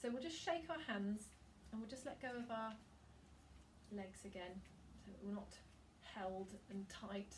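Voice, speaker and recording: A woman singing teacher gently guiding a breathing and vocal warm-up, giving calm, encouraging instructions. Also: mid-range voice, measured pace, distant mic, noisy background.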